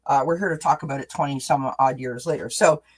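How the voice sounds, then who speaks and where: A woman's voice: rumbling low, steady tone, fast, husky, rough recording. Woman co-host, casual live-stream chat, playful and giggly, tells stories. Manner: chatty, giggly, playful storyteller. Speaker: co-host tarot reader.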